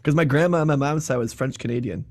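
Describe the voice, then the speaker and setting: Man, Michigan accent, podcast guest, rambling with fillers, slightly husky voice. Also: mid-range voice, quick pace, a little mellow. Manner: laughs often, filler-heavy rambling. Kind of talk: casual chat.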